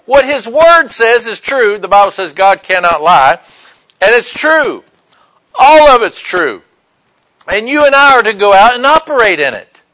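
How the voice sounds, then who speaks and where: Middle-aged male preacher, high and bright, sermon delivery, acts out quotes within his stories. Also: very animated, unhurried, poor audio. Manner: storytelling with acted-out quotes.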